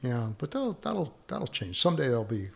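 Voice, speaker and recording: A man in his forties, a father of eight, chatting casually and telling animated anecdotes. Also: medium pitch, moderate pace, gravelly. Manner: animated anecdote-telling, acts out quoted voices. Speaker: storyteller in a group chat. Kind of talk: casual chat.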